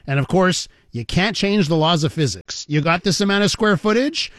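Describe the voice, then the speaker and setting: A man's voice: high-pitched, lively intonation, moderate pace, fairly bright tone, no room sound, clean studio sound. A man hosting an interview, asking questions in a chatty, playfully teasing way. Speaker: radio interview host. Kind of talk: conversational interviewing.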